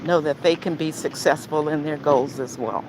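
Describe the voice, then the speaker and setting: A woman's voice: low-pitched, steady tone, moderate pace. An older woman live-streaming her walk, chatting casually to viewers between heavy breaths and sighs, out of breath. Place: outdoors in a neighborhood, walking. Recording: outdoor noise behind.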